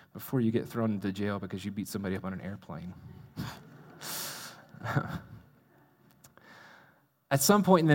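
Pastor preaching in a reverberant hall. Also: male voice, mid-range voice. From United States. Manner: conversational preaching with rhetorical questions and self-mocking asides. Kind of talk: sermon. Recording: long reverb of a large hall.

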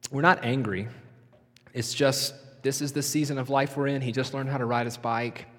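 A middle-aged man preaching a sermon in a church, earnest and slowing down to soften his voice for emphasis. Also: mid-range voice, steady tone. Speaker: pastor. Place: church sanctuary. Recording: long reverb of a large hall.

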